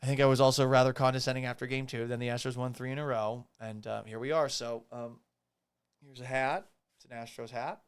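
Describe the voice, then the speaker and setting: A man's voice: medium pitch, fairly quick, clear, resonant tone, no echo, clean studio sound. A man hosting a live podcast stream, ranting casually and profanely while reading chat comments. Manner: profane, animated and sarcastic. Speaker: podcast host reacting to a baseball loss.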